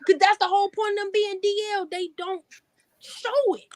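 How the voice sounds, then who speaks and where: A woman's voice: extremely high pitch, fairly even intonation, normal speed, no echo, clean studio sound. A young woman hosting a casual chat, rambling and laughing often. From Chicago area. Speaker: host.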